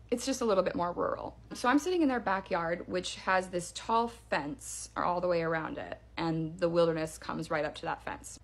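A woman casually telling a spooky story in a clip, with hushed delivery and drawn-out pauses for suspense. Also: fairly low pitch, gravelly. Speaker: storyteller in a social video clip.

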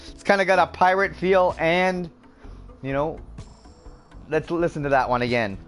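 A man's voice: fairly high pitch, very animated, a little slow, faint music behind. A man from Canada chatting upbeat with viewers as a gaming streamer, laughing often. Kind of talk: casual let's-play commentary.

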